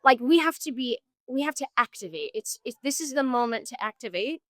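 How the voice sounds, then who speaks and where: A woman's voice: on the high side, lively intonation, a little fast, a bit bright, no echo. Earnest, searching woman musician. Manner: earnest, searching, trails off and restarts. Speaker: musician guest. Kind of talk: street interview. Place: outdoors on a street.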